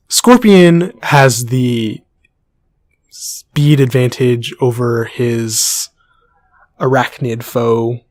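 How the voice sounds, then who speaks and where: A man's voice: mid-range voice, dry recording, studio quality. A young man co-hosting a casual podcast, teasing his co-host and steering the segments. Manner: playful, teasing, runs the segment.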